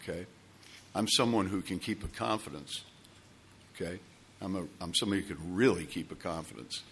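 A man's voice: low voice, a little fast, a bit bright, slight background noise. A man telling a long personal story to a recovery group, rambling with restarts and asides. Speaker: speaker sharing at a recovery meeting.

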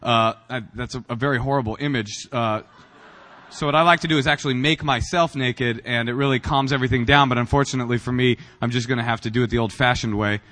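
A man of ordinary pitch, from Northern California, tells his own story to a recovery meeting with a joking, self-mocking manner. He rambles and restarts often, padding with fillers. His voice carries the long reverb of a meeting hall. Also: fairly even intonation, fast, fairly bright tone. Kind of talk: humorous personal recovery talk. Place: meeting room.

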